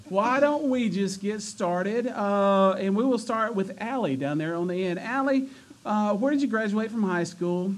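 A man's voice: sits high, a little hiss or hum. A man hosting a church youth night, joking, teasing the crowd and running announcements. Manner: joking, energetic, stumbles and teases the audience. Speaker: youth pastor. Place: church youth room with a live audience.

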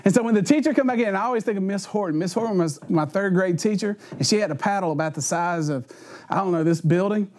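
A pastor delivers a sermon full of humorous storytelling, animatedly acting out voices and sound effects and laughing often as he talks. His man's voice is high-pitched and quick.

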